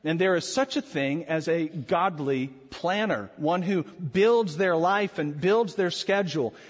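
A man preaching a sermon as pastor, animated and rhetorical, with dramatic pauses. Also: a little high. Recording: long hall reverb.

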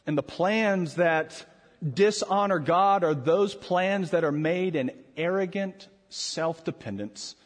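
A man preaching a sermon as pastor, animated and rhetorical, with dramatic pauses. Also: sits high. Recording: long hall reverb.

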